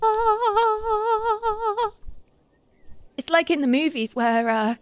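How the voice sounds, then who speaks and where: A woman streaming a game live, chatting casually and squealing with excited giggles. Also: high-pitched, moderate pace, no echo. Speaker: Twitch streamer.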